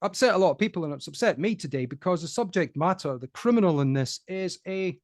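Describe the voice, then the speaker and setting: A man's voice: high voice, expressive, fast talker, dry recording, clean studio sound. A man hosting a casual political chat, opinionated and conversational. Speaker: host.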